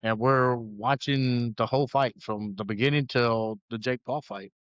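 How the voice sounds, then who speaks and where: A man's voice: medium pitch, fairly even intonation, a little slow, clear, resonant tone, no echo, muffled recording. Earnest man telling his story. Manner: earnest, rambling with many restarts. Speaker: podcast guest. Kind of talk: casual personal storytelling.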